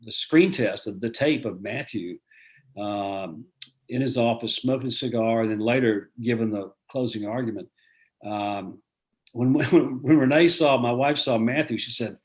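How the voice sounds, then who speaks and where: A man's voice: medium pitch, a little slow. An older man, chatting as a guest author over a video call, rambling with many restarts. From American South.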